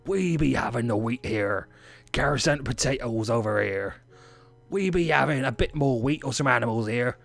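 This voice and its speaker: A man's voice: mid-range voice, lively intonation, normal speed, creaky, a bit bright. An English man voicing a hearty male pirate, boasting about his farm in rolling pirate talk. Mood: boastful.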